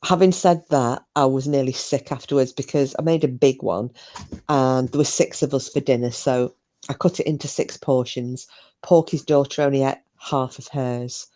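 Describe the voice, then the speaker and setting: A woman's voice: extremely low pitch, fairly even intonation, normal speed, warm tone. A woman hosting a live stream, chatting casually, gossipy and sweary, reading out comments.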